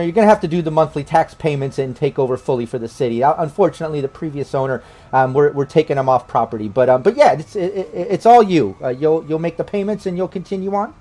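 A man's voice: fairly high pitch, dark tone, lightly acted. A man voicing a nervous city council official who stammers and hesitates.

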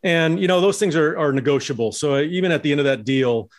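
Man, ex-ballplayer, podcast co-host, relaxed, teasing, casual chat. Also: a little high, brisk. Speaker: former pro baseball player and podcast co-host.

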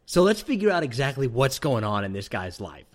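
A man's voice: medium pitch, sing-song, brisk, background noise. A man hosting a podcast, chatting casually with dry, teasing humor. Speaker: podcast host. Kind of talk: casual chat.

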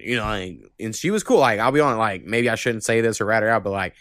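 A man's voice: on the low side, lively intonation, quick pace, few pauses, fairly bright tone, no room sound, studio quality. A young man hosting a podcast, telling rambling stories in casual chat, swearing a lot and laughing as he goes. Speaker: podcast host.

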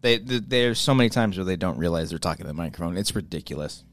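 A man's voice: sits low, animated, quick pace, dry recording. A man hosting a podcast in a studio, chatting casually, joking and swearing freely. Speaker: podcast host. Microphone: studio mic with headphones.

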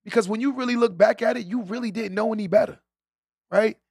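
A man's voice: high voice, fast talker, vocal fry, a little mellow, breathy edge, dry recording, studio quality. A man hosting a live stream, giving a preachy motivational talk to his viewers, repeating his key lines and often tagging them with "right?". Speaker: podcast host on a live stream.

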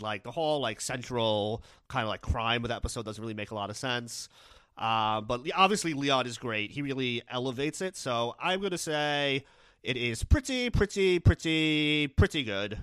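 A man's voice: smooth, dry recording. A man co-hosting a podcast, casually recapping an episode and acting out characters in snatches. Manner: animated, acts out characters with big pitch jumps. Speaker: podcast co-host.

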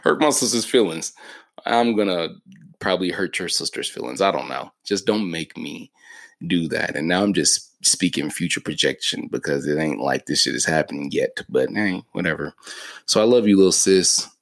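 A man's voice: low voice, lively intonation, moderate pace, vocal fry, no echo. A man in his thirties hosting a solo podcast, telling stories in a profane, joking, laid-back way. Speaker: podcast host. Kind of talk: casual solo podcast storytelling.

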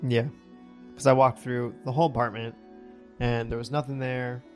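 A man co-hosting a podcast, chiming in casually to back up a shared story in a relaxed way. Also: mid-range voice, normal speed, faint music behind. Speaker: podcast co-host. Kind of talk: casual chat.

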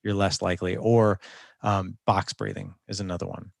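A man's voice: low voice, flat delivery, moderate pace, vocal fry, no room sound, clean studio sound. A man speaking as a guest coach in a conversational interview, earnest and instructive, often restarting his sentences.

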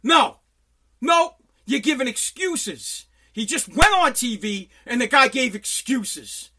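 A man hosting a podcast from his home basement, delivering an angry, profane political rant that bursts into shouting. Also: very high voice, lively intonation, slow pace. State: sweating. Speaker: podcast host.

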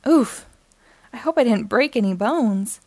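A woman voicing an anxious little male toy snowman in a storybook read-aloud, fretful and excited. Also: on the high side, a little slow, no room sound.

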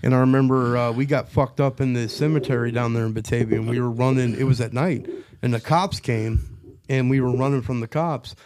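A man's voice: medium pitch, fairly even intonation, a little fast, noisy background. A middle-aged man hosting a podcast, drunk, telling crude stories and joking in casual chat. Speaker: podcast host.

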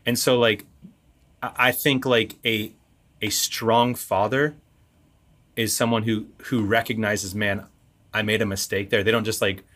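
Bright, lower-voiced earnest podcast co-host. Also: male voice, flat delivery. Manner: earnest, affirming, quick to agree. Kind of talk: casual chat.

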